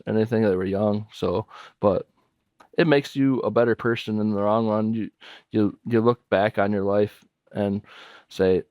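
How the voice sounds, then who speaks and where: Earnest, low-voiced man sharing heartfelt advice. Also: a little mellow, no echo, clean studio sound. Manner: heartfelt, rambling, repeats key phrases. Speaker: podcast guest.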